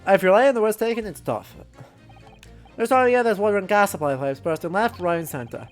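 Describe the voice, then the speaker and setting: A streamer reading a game aloud and voicing a blunt, impatient working-class male juror, loud and gruff. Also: mid-range voice, fast, soft background music, natural voice. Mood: aggrieved.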